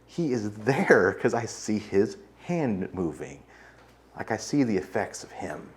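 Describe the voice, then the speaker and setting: Preaching a sermon in a church sanctuary, an American pastor keeps things casual and conversational, using frequent fillers. His low voice swings widely in pitch at an unhurried pace, with slight background noise.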